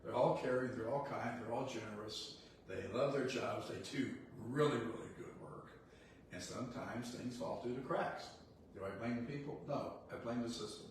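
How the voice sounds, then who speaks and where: Speaking at normal speed in a medium-pitched voice, an older real estate CEO delivers a motivational talk that's blunt and folksy, full of stories and frequent laughter. It was captured from a distance in an echoey room with some faint noise.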